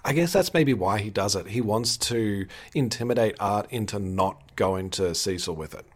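A man's voice: lowish voice, moderate pace. A man co-hosting a podcast, chatting casually and swearing freely as he reacts to a show. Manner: animated, swears freely, acts out quotes. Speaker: podcast co-host. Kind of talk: casual recap chat.

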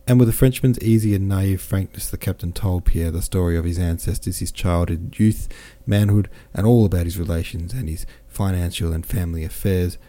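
A man narrating a classic novel as an audiobook podcast host, in a measured, steady way. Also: low-pitched.

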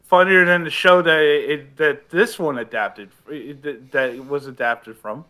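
A man's voice: on the high side, fairly even intonation, measured pace, sharp tone. A man co-hosting a casual podcast, joking and teasing the others. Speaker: podcast co-host.

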